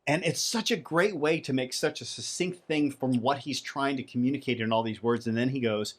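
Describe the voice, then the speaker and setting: A man's voice: medium pitch, brisk. A man co-hosting a podcast in a studio, talking in a chatty, playful way and stammering on his first words. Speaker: podcast co-host. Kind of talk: casual podcast chat.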